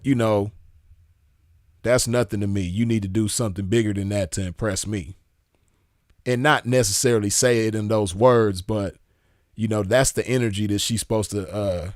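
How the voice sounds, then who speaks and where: Male commentator, low voice, relaxed slangy delivery, dry close sound. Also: no echo. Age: adult with a child. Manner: laid-back and slangy, keeps checking in with the listener. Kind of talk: casual commentary reading messages aloud.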